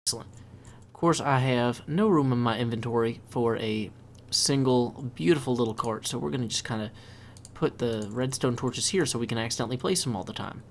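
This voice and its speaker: A man's voice: medium pitch, fairly quick, a little hiss or hum. Chatty man narrating his gameplay. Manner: chatty, upbeat, thinking aloud as he plays. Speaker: let's play host. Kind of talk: casual gameplay commentary.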